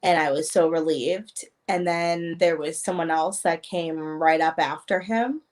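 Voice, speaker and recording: A woman, a guest in a podcast interview, recalling her past haltingly with hesitations. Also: deep voice, fairly even intonation, darkish tone. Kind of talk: casual interview chat.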